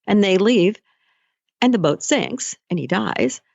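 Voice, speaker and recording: A woman life coach talks through a motivational solo podcast in a casual storytelling way. Her voice has a gravelly fry to it, recorded close and dry. The sound is muffled and lo-fi. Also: mid-range voice, animated, measured pace, a little mellow, no room sound. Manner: conversational, storytelling.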